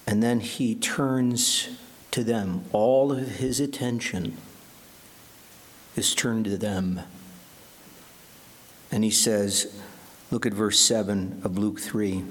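A male pastor preaching a sermon, telling a story with earnest drama and praying with pauses. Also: mid-range voice.

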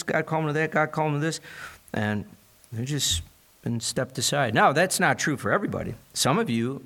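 A pastor preaching a sermon, reading scripture and retelling it in an earnest, conversational way. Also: male voice, a little high, fairly bright tone.

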